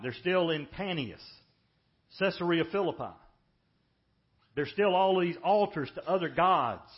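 Male pastor, higher-pitched voice, emphatic sermon delivery with hushed drops, muffled recording. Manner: emphatic preaching, drops to hushed, slow lines for weight. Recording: dull lo-fi sermon audio.

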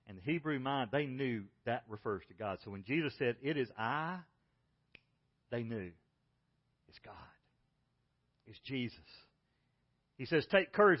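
A man preaching a sermon as pastor, telling stories and swinging between loud exclaims and quiet, hushed lines. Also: medium pitch, muffled recording.

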